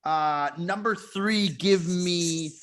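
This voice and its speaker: A man co-hosting a podcast in casual chat, animated and self-interrupting, laughing often. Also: high-pitched, drawn-out words. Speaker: podcast co-host.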